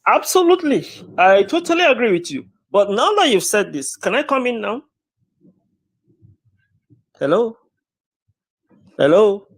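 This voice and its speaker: A man's voice: very high-pitched, sing-song, brisk, few pauses. A man talking in a wordy, stammering way in a live-stream debate, often apologizing and restarting.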